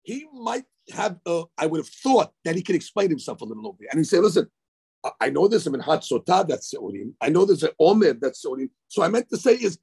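High, gravelly man teaching Talmud. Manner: animated explaining, frequent stammered restarts. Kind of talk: daily Talmud lecture.

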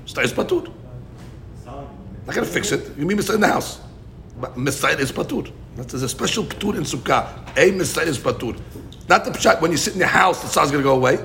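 Male Talmud teacher, lively and questioning, gravelly tone, slightly high pitch. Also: fast talker, a little hiss or hum. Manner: animated, questioning, mixes Hebrew and Aramaic terms. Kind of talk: Talmud class explanation.

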